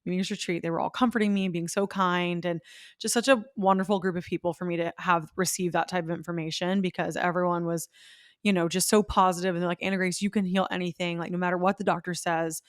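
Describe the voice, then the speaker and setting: A young woman hosting a podcast tells a personal story earnestly and emotionally, quoting other people in her own voice. Her voice is fairly low and steady, and she talks fast. The podcast mic gives a clean, dry studio sound with no echo.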